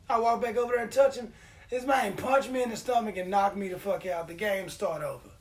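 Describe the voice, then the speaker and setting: A man hosting a podcast, telling a story in a casual, profane, animated way and acting out the quotes. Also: high-pitched, a little fast, slight background noise. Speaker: podcast host.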